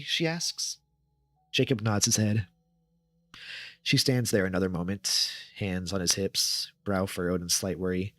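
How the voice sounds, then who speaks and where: Low-voiced male horror story reader, dry close mic, measured. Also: a bit bright, no room sound.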